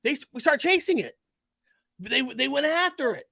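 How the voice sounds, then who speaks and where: A man in his forties telling a story in casual conversation, animated and profane, often restarting and correcting himself. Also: extremely high pitch, normal speed, gravelly, no room sound. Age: 40s. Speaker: guest.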